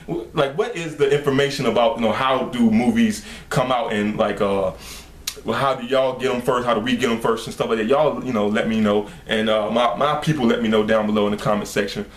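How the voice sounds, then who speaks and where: A young man talking casually to his viewers in a relaxed, rambling way, laughing between thoughts. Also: mid-range voice, reverberant. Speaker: video creator. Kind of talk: casual vlog talk.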